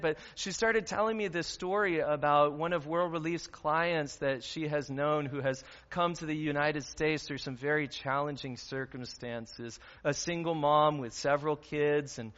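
A pastor delivers a sermon in a chatty, earnest manner, and his voice has a bright, forceful edge. He sits a little higher than most men. The sound is dull and lo-fi, with a long reverb from a church hall. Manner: earnest, conversational preaching with fillers.

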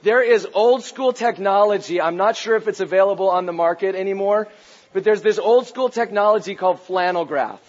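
A pastor preaching a sermon, animated and playful, raising his voice to a shout for emphasis. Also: high voice, fairly quick. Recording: dull lo-fi recording.

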